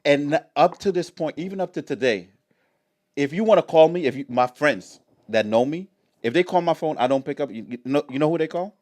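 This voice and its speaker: A man on a casual podcast, telling lively stories and acting out both sides of phone calls. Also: on the high side, fairly quick, no room sound. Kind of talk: casual chat.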